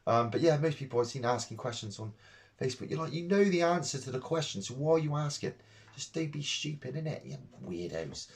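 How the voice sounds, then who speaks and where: A man's voice: fairly high pitch, expressive, fairly quick. A man chatting casually to camera about his fishing gear in his fishing room at home, rambling and blunt. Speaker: fishing vlogger.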